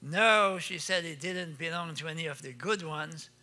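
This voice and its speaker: Bright folksy Acadian French storyteller. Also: male voice, on the high side, normal speed. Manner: folksy joke-telling, laughs at his own punchlines. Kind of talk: comic storytelling on stage.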